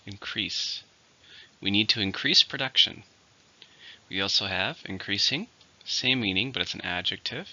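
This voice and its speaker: Bright, gravelly male vocabulary teacher. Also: lowish voice. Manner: slow, deliberate, repeats each word clearly. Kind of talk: scripted vocabulary lesson. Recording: dull lo-fi recording.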